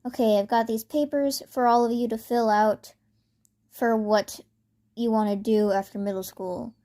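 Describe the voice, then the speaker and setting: A woman's voice: fairly high pitch, steady tone, normal speed, warm tone, lightly acted. Woman reading as a breezy schoolteacher. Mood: offhand. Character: breezy middle-school teacher.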